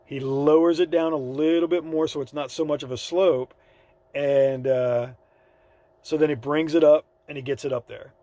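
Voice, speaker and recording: A man's voice: on the high side, steady tone, moderate pace, mellow, dry recording. A man vlogging in a casual, rambling storytelling way, acting out the people in his story, with plenty of fillers. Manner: rambling, laid-back storytelling with fillers and quoted dialogue. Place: by his van on the side of the road.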